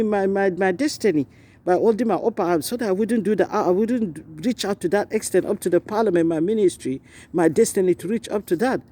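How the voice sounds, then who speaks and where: Halting West African man preaching. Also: dark tone. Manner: repetitive, halting restarts, rising to high emphatic pitch. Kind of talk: spoken sermon testimony.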